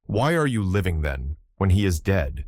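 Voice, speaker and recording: Man reading a grieving soldier's mother, pleading, anguished questions, low voice, dry close sound. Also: big pitch swings, moderate pace, a little mellow, no echo.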